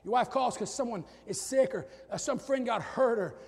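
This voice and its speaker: A middle-aged male pastor preaching a sermon, swinging from loud shouted peaks to low quiet asides. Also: moderate pace, vocal fry. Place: church sanctuary with long reverb. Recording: reverberant church hall.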